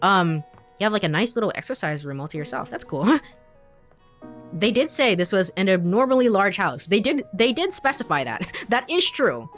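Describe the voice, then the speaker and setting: A woman's voice: medium pitch, very animated, normal speed, fairly bright tone, soft background music. Giggly woman streamer reacting to a game. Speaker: let's play streamer. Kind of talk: casual gaming commentary.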